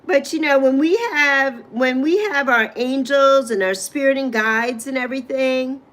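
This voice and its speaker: A woman's voice: high-pitched, a little slow, fairly bright tone. A woman with a New York accent, raised in the Caribbean, hosting a casual livestream and chatting with viewers by name in a rambling, friendly way. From Bronx, New York, raised on Saint Croix. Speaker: livestream host. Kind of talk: casual livestream chat reading comments.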